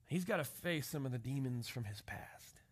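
A man's voice: mid-range voice, lively intonation, moderate pace, husky. A man preaching a sermon, telling stories and often checking in with "right?". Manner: storytelling, often asks "right?". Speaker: pastor.

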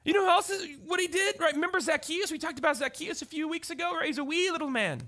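A man preaching a conversational sermon as pastor, telling stories with animated delivery and often checking in with the crowd. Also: very high voice, fast talker. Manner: animated storytelling, often asks the crowd "right?".

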